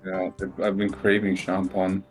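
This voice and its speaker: A man's voice: low-pitched, monotone, over music. Easygoing man chatting while playing. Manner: easygoing, quick questions. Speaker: co-player. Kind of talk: casual gameplay chat.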